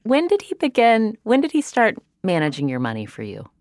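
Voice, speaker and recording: Woman, low voice, animated delivery, curious interviewer, dry close sound. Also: a little fast, no room sound. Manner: curious, playful questioning. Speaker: podcast host. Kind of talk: interview and scripted narration.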